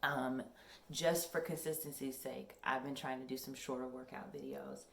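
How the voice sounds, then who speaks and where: A woman's voice: rumbling low, steady tone, normal speed, gravelly, reverberant. A young woman in casual vlog chat at home, rambling and chatty with many ums. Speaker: vlogger. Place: home workout room.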